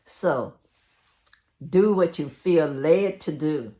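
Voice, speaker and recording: A middle-aged woman with a Southern drawl talks in a low, unhurried voice. She gives friendly, folksy advice, speaking straight to her viewers. Her tone stays casual and conversational throughout. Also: mellow. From United States. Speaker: vlogger giving relocation advice.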